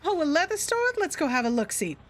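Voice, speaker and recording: A woman's voice: sits high, big pitch swings, fast talker, voice pushed up. A woman voicing a sassy young gangster moll from the 1930s, full of hardboiled slang. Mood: breezy. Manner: hardboiled slang, breezy and brassy.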